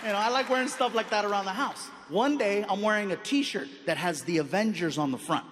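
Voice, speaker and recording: High-voiced animated stand-up comedian. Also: male voice, a little fast. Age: 30s. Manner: animated, loud, playful. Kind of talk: stand-up storytelling. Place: large theater stage. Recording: echoey hall with crowd noise.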